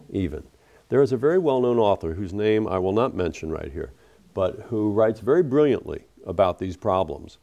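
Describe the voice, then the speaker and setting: Middle-aged guy giving a lecture, deep mellow voice, earnest and reflective, lots of uhs. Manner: earnest, reflective storytelling with fillers. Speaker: author giving a public talk. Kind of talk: lecture storytelling.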